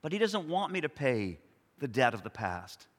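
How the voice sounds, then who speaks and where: A man in his sixties preaching a sermon, telling personal stories in an earnest, reflective way with soft pauses. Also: mid-range voice, sing-song, in a large hall. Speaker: pastor.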